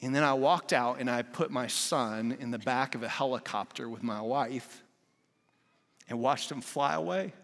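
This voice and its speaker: A man in his forties preaches a sermon with a bright, forceful edge to his voice. He talks candidly, like he's telling friends a story. The sound rings out with the long reverb of a large church hall. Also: medium pitch, moderate pace. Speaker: guest preacher.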